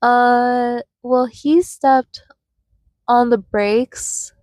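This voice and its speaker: Young adult woman vlogger, unhurried and meandering, a touch high-pitched, casual personal storytelling. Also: fairly even intonation, darkish tone, dry recording. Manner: rambling, many filler words and restarts.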